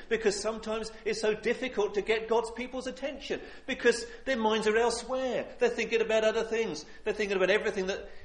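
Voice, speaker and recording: A man's voice: sits high, reverberant. A man preaching a sermon in an earnest, pleading way, repeating phrases for emphasis.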